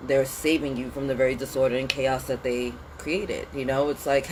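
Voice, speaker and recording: A woman hosting a casual spiritual pep talk outdoors in the cold, animated and slangy, sniffly with a runny nose. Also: very deep voice, slight background noise, poor audio. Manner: animated, slangy and conversational, with lots of "like" and "you know". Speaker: spiritual reader and channel host.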